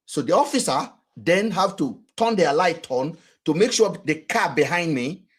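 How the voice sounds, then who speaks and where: A man with a Nigerian accent giving casual, rhetorical commentary in a husky voice. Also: on the high side, moderate pace. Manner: animated, rhetorical, acts out quotes. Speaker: vlogger and commentator.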